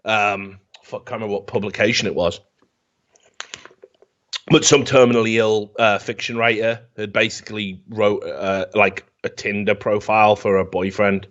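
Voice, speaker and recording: A man's voice: fairly low pitch, steady tone, normal speed, fairly bright tone. A man, hosting a talk show and ranting comically about a film in a profane, rambling, mocking way. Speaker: podcast host. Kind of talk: comedic film rant. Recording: dull lo-fi sound.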